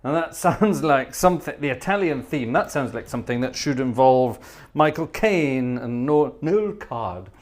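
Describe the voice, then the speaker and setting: A man's voice: mid-range voice, normal speed. A man hosting a live organ music stream, chatting playfully, thanking viewers and humming tunes between pieces. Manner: playful, teasing, hums tunes and reads out viewer names. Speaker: livestream host playing organ.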